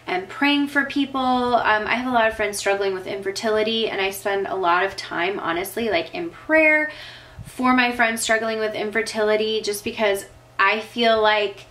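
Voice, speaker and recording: A woman's voice: medium pitch, moderate pace, a bit bright, low-quality recording. Tearful, chatty young woman vlogger. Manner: emotional, tearing up, filler-heavy. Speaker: vlogger answering viewer questions. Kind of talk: casual chat.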